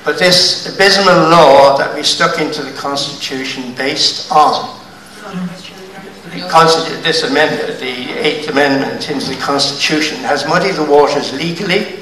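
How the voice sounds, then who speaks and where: Older man asking a pointed question from the floor of a crowded function room; bright, slightly raised voice, echoey and distant on the mic. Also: a little high. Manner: emphatic, halting, stresses words. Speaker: audience member asking a question. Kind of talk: public debate question from the floor. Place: large hotel function room. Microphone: handheld mic passed through audience.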